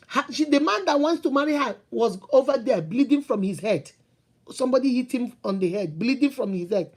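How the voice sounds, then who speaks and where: A woman's voice: fairly high pitch, a little mellow. A middle-aged woman hosting a talk on relationships, telling stories with emphatic repetition and rhetorical questions. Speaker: host giving relationship advice. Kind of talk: casual advice talk to viewers.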